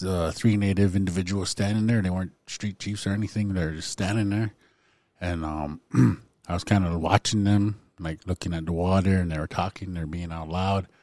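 A man hosting a casual podcast, telling a funny anecdote in an animated way. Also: low-pitched, dry recording. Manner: animated storyteller, acts out voices in anecdotes. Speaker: podcast host.

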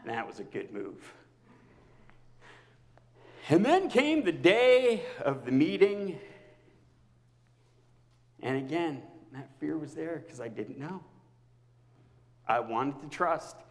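A man preaching a personal sermon to his congregation as their pastor, swinging between loud outbursts and near-whispers. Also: fairly high pitch, sing-song, takes it slowly, pauses often, in a large hall.

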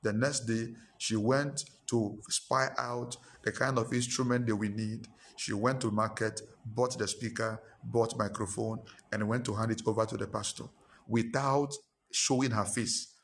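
A middle-aged man with a Ghanaian English accent preaching a sermon, emphatic and repetitive, pushing his voice up in pitch and force. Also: steady tone, unhurried, fairly bright tone, slight background noise. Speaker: pastor.

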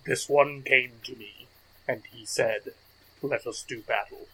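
Riddling elk spirit for a fantasy tabletop game, played by a man: breathy, bright tone, grave and calm delivery. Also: medium pitch, a little slow, rough recording. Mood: solemn. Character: solemn ancient elk, calm and cryptic.

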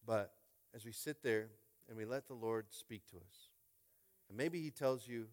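A man preaching a sermon in an animated way, tossing out call-and-response asides and swinging from loud to hushed. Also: lowish voice, moderate pace. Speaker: pastor.

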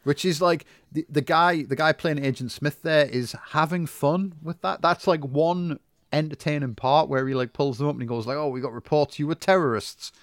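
A man's voice: fairly high pitch, normal speed, no room sound, studio quality. A man recapping a film in casual, sweary, sardonic podcast chat.

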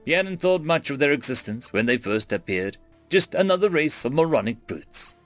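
A man narrating a science-fiction story in a scripted, expressive storytelling manner. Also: a little high, normal speed, no room sound. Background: faint music.

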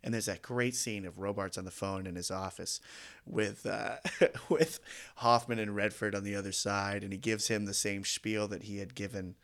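A man's voice: fairly low pitch, level tone, normal speed, a bit bright. Enthusiastic man chatting about films. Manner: enthusiastic, laughs often, swears casually. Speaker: podcast co-host. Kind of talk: casual film discussion.

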